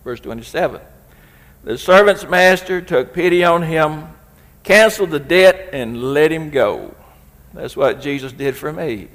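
A man's voice: mid-range voice, a little slow, fairly bright tone. Preaching man in a reverberant hall. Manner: preaching with rising emphasis and quoted scripture. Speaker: pastor. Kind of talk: sermon.

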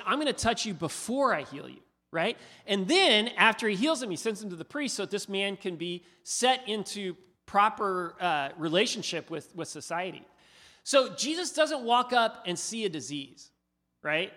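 A man preaching a sermon, asking his listeners questions in an animated, conversational way. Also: high-pitched. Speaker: pastor. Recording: hall reverb.

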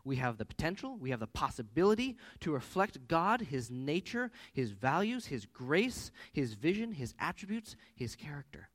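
Pastor, 30s, man; lively, swooping delivery, chatty sermon full of family anecdotes. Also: a little high, normal speed, few pauses. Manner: animated, conversational with personal anecdotes.

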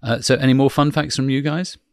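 A man's voice: mid-range voice, steady tone, a little fast, dry recording, clean studio sound. A man hosting a podcast, chatty and leading the talk with questions. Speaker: podcast host. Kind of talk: casual podcast chat.

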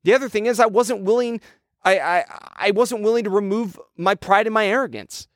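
A man preaching a sermon, telling a childhood story in a lively, conversational way. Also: sits high, brisk, no echo, studio quality. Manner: storytelling, animated with childhood anecdotes. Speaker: pastor.

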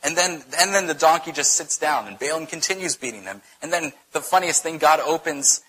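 A man teaching a Bible study, telling the story in a conversational, animated way, often checking in with "right?". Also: a little high, brisk, rough recording.

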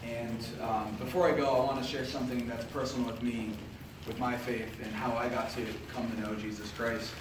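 A young man gives a personal faith testimony to a room of listeners, telling it as an animated storyteller with casual filler words. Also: mid-range voice, brisk. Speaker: podcast host giving a faith testimony. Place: indoor room with an audience. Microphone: distant mic. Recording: echoey room, distant mic, faint noise.

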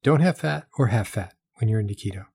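A man's voice: fairly low pitch, expressive, quick pace, gravelly, warm tone, slightly rough, dry recording. Emphatic man with a dry, close sound. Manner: emphatic, repeats points for effect, rhetorical questions. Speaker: health talk host selling products. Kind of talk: casual explanatory talk.

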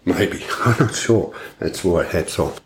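A man's voice: low voice, slow, background noise. A man co-hosting a podcast, telling a story bluntly and swearing heavily as he goes. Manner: blunt, heavy swearing, animated retelling. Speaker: podcast co-host. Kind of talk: casual storytelling chat.

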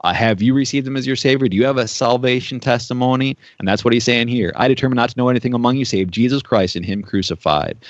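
Male preacher, mid-pitched, conversational sermon delivery, dry close recording. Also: fast, few pauses, no room sound. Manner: conversational storytelling with frequent "uh" fillers. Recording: dry, dull-sounding recording.

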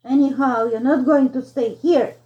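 A woman voicing a rough, bullying peasant man who speaks harshly and threateningly. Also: high voice, fairly even intonation, normal speed, muffled recording, natural voice.

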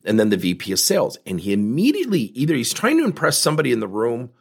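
A man's voice: mid-range voice, fast, vocal fry, husky. A man coaching on sales, telling stories and acting out both sides of the conversations. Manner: lively storyteller who acts out both sides of conversations. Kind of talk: storytelling talk.

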